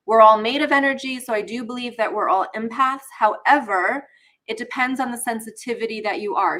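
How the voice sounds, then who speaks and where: With a sharp tone and a voice on the high side, a woman hosts a live online lesson while slightly unwell. She keeps it casual and chatty, addressing viewers directly and saying hello to the chat.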